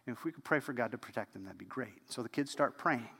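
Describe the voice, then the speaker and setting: Animated male pastor telling a story. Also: mid-range voice, fast, creaky, slightly rough, long reverb tail. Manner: animated, dropping to a hush at key moments. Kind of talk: storytelling sermon.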